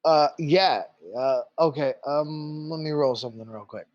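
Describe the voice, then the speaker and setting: A man's voice: on the high side, unhurried, darkish tone, dry recording, dull audio. A man narrating as game master of a tabletop game, loose and full of fillers. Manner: loose, filler-heavy, laughing easily.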